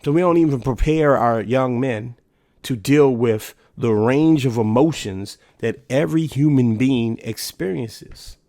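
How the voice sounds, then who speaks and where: In his thirties, a man hosts a solo podcast, speaking casually and emphatically while posing rhetorical questions. His mid-range voice is a little mellow, and the clean studio sound has no echo.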